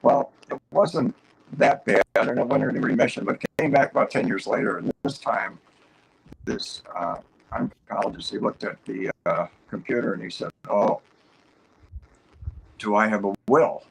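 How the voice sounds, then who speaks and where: A man's voice: lowish voice, expressive, normal speed, creaky, slightly rough, rough recording. A man guest on a talk show, telling a long personal story in an upbeat, rambling way, full of fillers and restarts.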